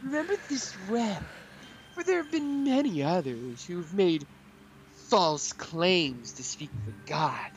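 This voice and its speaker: A gamer voicing a preachy, mock-reverent guide figure in a Bible video game, with slow, preachy delivery. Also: medium pitch, very animated, a little hiss or hum. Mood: mock solemn. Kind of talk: comic voice-over of a game.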